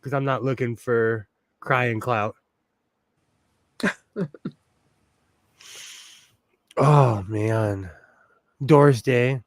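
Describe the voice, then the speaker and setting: A man's voice: medium pitch, drawn-out words, pauses often, no echo. A man, hosting a casual livestream while he sews, rambling and sentimental with lots of fillers. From United States. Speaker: host.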